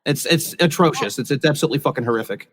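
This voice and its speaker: A man's voice: medium pitch, expressive, very fast, fairly bright tone, long reverb tail. A man co-hosting a podcast, talking emphatically in casual chat and swearing hard. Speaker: podcast co-host.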